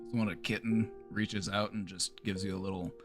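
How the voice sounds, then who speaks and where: A man's voice: fairly low pitch, flat delivery, moderate pace, over music. A therapist chatting casually on a livestream, playful and easygoing, often repeating his phrases and laughing. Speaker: therapist streamer.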